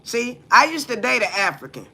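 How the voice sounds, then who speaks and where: A woman's voice: on the high side, big pitch swings, a little fast, bright, forceful tone, slightly rough. A woman from the United States hosting a livestream, talking bluntly and profanely and throwing rhetorical questions at her viewers. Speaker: livestream host. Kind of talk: casual livestream talk.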